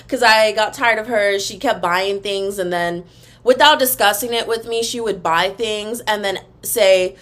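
A woman's voice: mid-range voice, normal speed, a bit bright. A young woman hosting a casual solo podcast, chatty and gossipy, calling her listeners y'all, talking into her computer's built-in mic at home. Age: young adult. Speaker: podcast host. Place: room at home in front of a wall.

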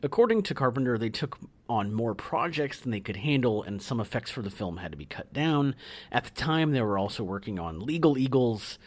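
Middle-aged man reading trivia, lively pitch. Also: fairly quick. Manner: reads film trivia notes aloud between banter. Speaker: podcast co-host. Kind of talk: casual movie podcast chat.

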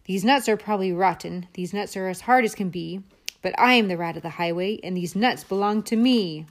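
A woman playing a loud, boastful bully of a rat bandit. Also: mid-range voice, a little fast, close to an everyday voice. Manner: loud, boastful sing-song chant. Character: greedy bullying male rat highwayman.

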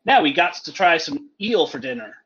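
A man's voice: on the high side, moderate pace, dull audio. A man doing a gleeful childlike simpleton. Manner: broken, childish grammar with gleeful excitement. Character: simple-minded, childlike character writing a diary. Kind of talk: reading an in-character diary entry.

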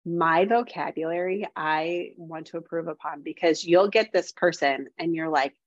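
Woman, very low voice, dry dull lo-fi sound, rambling, says "like" a lot. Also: normal speed, no echo. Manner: rambling, heavy use of "like". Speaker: guest, developing medium. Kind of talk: casual podcast chat.

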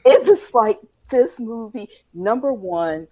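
A woman's voice: fairly high pitch, slow pace. A woman co-hosting a podcast, chatting casually and telling stories with lots of laughter and acted-out quotes. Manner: animated storyteller, laughs often, acts out quotes. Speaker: podcast co-host. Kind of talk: casual chat.

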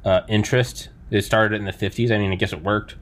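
A man hosting a podcast in casual chat, telling stories in a rambling, excitable way and swearing now and then. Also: on the low side, fast. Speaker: podcast host.

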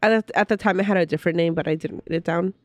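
A woman's voice: on the low side, racing, no room sound. A woman co-hosting a history podcast, telling the story casually from her notes, a little sick and laughing now and then. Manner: chatty, laughs often, reads from notes. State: sounds sick. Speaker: podcast co-host.

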